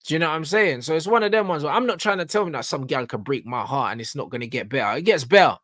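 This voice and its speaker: A London-accented man holds forth on a reaction show with a high, insistent voice. He talks in heavy street slang, pressing his points hard and pausing to ask whether you're following. The sound is dry and close, with no room around it. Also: expressive, fairly bright tone, no echo. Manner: emphatic, street slang, keeps asking "you get me". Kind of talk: ranting reaction commentary.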